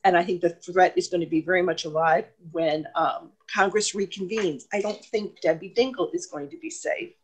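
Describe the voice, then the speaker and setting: A woman's voice: on the low side, moderate pace, hardly any pauses, breathy edge. A woman party member asking a question on a video call, emotional and hesitant, rambling with many ums and restarts. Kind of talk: question in an online meeting.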